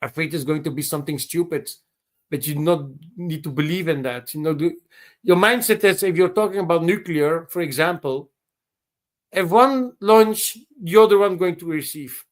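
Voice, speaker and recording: A man calling into a live open-mic show over a video call, giving blunt opinions on current events in halting speech full of restarts and repeated words. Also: fairly high pitch. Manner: blunt, swears for emphasis.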